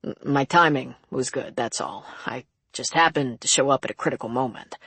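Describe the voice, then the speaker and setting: Relaxed, modest male prison guard, voiced by a husky-toned woman, close and dry. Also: extremely low pitch, normal speed, no room sound, full character voice. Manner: relaxed, self-effacing.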